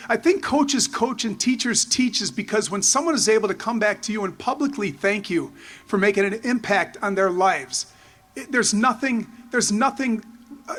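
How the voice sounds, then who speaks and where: Man, fifties, high voice, rambling excited anecdotes, memorial tribute speech. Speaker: former player giving a tribute.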